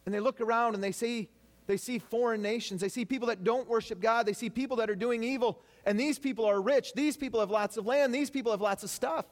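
A man's voice: extremely high pitch, fast. A man preaching a sermon to his congregation, talking animatedly and acting out people's complaints in quoted voices. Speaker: pastor.

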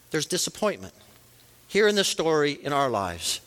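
A man's voice: a little high, very animated, moderate pace, fairly bright tone. A man preaching a sermon as a pastor, earnest, rising and falling for emphasis. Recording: long reverb of a large hall.

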